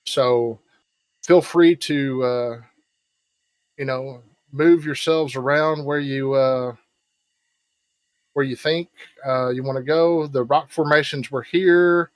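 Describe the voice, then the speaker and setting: A man running a tabletop game as game master, explaining rules in a halting way full of fillers. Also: mid-range voice, steady tone, no echo.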